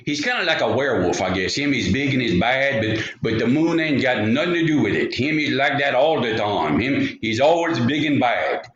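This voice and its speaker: A man with a Louisiana Cajun accent telling a folksy story aloud, with rambling, chatty asides. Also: mid-range voice. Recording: roomy, slightly dull home recording.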